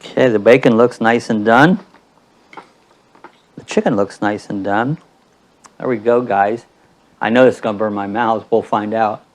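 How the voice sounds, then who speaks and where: A man's voice: on the low side, measured pace, pauses often. A man hosting a casual cooking demo, chatting to his viewers as he cuts and tastes. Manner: chatty, addresses viewers as guys. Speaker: cooking channel host.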